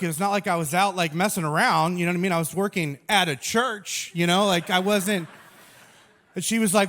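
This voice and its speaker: A man in his thirties giving a humorous sermon as a pastor, telling stories in an animated, self-mocking way. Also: high-pitched, fairly quick.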